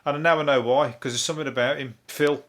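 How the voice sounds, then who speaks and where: An English comedian hosts his podcast in loose, rambling chat, dropping swear words freely and chuckling between thoughts. His voice sits at an ordinary, middling pitch for a man. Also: steady tone, fast, fairly bright tone.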